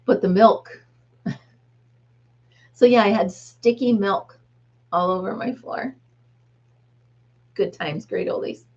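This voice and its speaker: A woman's voice: medium pitch, takes it slowly, long pauses, a little mellow, slightly rough, highs cut off. A woman in her fifties, a grandmother, hosting a casual live chat with viewers, rambling and laughing often. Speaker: livestream host.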